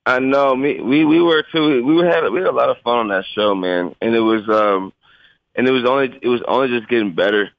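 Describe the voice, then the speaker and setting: A man with a sleepy morning voice, chatting casually as a guest over the phone, relaxed and repeating his words. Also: medium pitch, a little fast, gravelly, no echo. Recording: muffled phone line.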